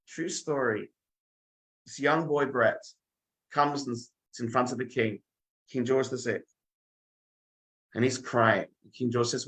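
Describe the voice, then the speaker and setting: A male rabbi tells a story in sermon style, dramatic and animated. He acts out the scenes as he goes, building toward the big moments. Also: mid-range voice, measured pace, pauses often, rough recording.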